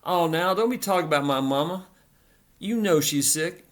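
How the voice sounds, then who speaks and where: A man voicing a brash, hotheaded teenage boy with a high, strained, taunting drawl. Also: expressive, moderate pace, lightly acted. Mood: defensive.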